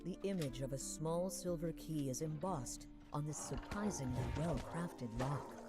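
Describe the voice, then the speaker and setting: A woman voicing a calm game narrator, reading atmospheric scripted descriptions in a measured way. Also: sits low, music in the background.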